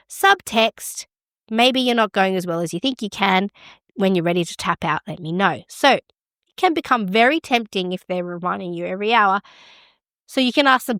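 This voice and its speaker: A woman's voice: medium pitch, moderate pace, a bit bright, no echo, clean studio sound. A middle-aged woman hosting a midwifery podcast, giving frank, encouraging advice in a conversational way. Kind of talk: casual advice talk.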